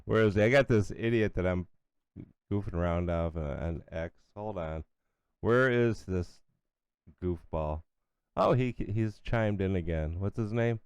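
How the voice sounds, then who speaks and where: Middle-aged male commentary host, blunt and sarcastic. Smooth, resonant voice, close and dry. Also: low-pitched, unhurried, no room sound. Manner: blunt, sarcastic, scornful, with asides and restarts. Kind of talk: opinionated solo commentary.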